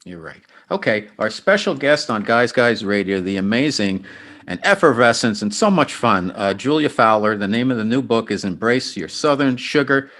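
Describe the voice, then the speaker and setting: A man's voice: medium pitch, lively intonation, moderate pace, fairly bright tone. A male radio host in mid range, wrapping up a casual interview. He reacts briefly and laughs along with his guest.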